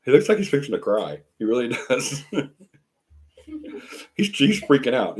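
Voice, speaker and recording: A man's voice: mid-range voice, expressive, normal speed, long pauses, a little mellow. An older man, hosting a paranormal live stream from home and chatting casually with viewers in a rambling, chuckling way. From Alabama. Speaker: paranormal show host. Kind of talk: casual livestream chat.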